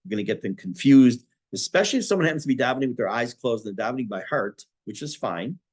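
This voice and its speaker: A man's voice: mid-range voice, animated, fast, slightly rough. A man, a rabbi teaching a class on prayer, reading Hebrew texts and explaining them in plain, conversational English. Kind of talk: spoken Torah class on prayer.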